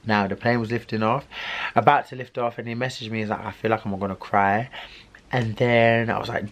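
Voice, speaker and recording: Animated young man telling a story. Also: on the low side, normal speed. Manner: animated, dramatic retelling with quoted dialogue. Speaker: vlogger. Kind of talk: storytime vlog.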